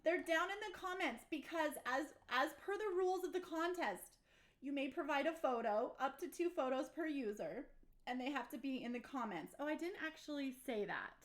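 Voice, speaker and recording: A woman's voice: sits high, expressive, moderate pace. A young adult woman hosting a casual livestream chat, bubbly and giggly, exclaiming often. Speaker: livestream host.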